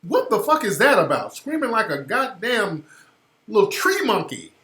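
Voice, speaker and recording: High, lively-voiced man ranting on talk radio. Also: normal speed, reverberant. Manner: blunt, profane, ranting, repeats phrases for emphasis. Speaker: radio show host.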